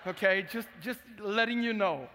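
A Swedish-accented male pastor tells a humorous, candid story from the pulpit. His voice sits high for a man. A long hall reverb trails after every phrase. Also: normal speed, pushed and bright, a little hiss or hum. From Sweden. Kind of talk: sermon.

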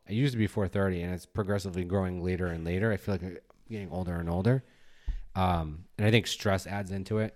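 A man in his forties co-hosting a podcast about fatherhood, telling stories casually and acting out his own scolding. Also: deep voice. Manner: animated storyteller, acts out his own scolding. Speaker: podcast co-host. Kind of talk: casual chat.

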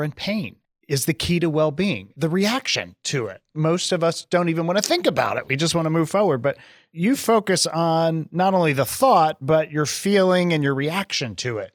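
A man's voice: fairly high pitch, dry recording, clean studio sound. A man hosting a podcast, asking open questions and thanking his guest with appreciation. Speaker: podcast host. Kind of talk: podcast interview.

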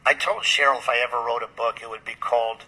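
A man's voice: medium pitch, fast, pushed and bright, breathy edge, poor audio. A man, a pastor, telling a long story in a rambling way with many fillers and restarts. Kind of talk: storytelling in a podcast interview.

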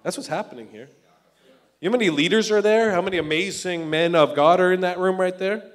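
A man preaching a sermon in an energetic, conversational way, acting out the people he quotes. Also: high voice, fast talker. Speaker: pastor.

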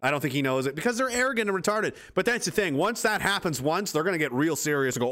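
A man's voice: fairly high pitch, expressive, fast talker, hardly any pauses, sharp tone. A man from East Coast Canada hosting a livestream, reading out chat comments in a blunt, profane, rambling way.

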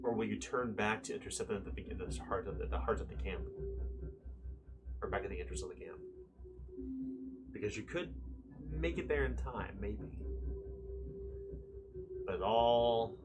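A man's voice: lowish voice, normal speed, pauses often, very noisy. A man narrating a tabletop game as game master, describing scenes vividly.

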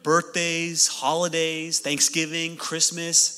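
A man in his thirties, a pastor preaching a sermon in an animated way, with joking asides to his congregation. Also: a little high, moderate pace.

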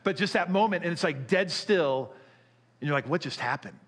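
A middle-aged man preaching a sermon, telling a story with animation before turning quiet and earnest. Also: sits high, normal speed. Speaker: pastor.

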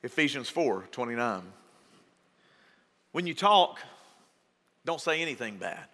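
A man preaching a folksy, joking sermon to his congregation in a large church hall, acting out quoted voices with big jumps in pitch. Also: very animated, measured pace, a bit bright. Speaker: pastor. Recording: long hall reverb.

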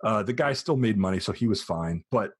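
American man, forties, low voice, a bit husky, casual storytelling, acts out quotes. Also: lively intonation, a little fast, no room sound, studio quality. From United States. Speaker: podcast host.

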